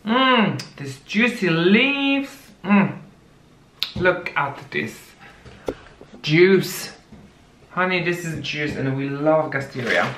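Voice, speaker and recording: A woman's voice: sits low, lively intonation. A woman unboxing plant gifts in a casual vlog, gushing and exclaiming as she talks. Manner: gushing, exclamatory, slow and drawn-out. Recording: echoey room with noticeable background noise.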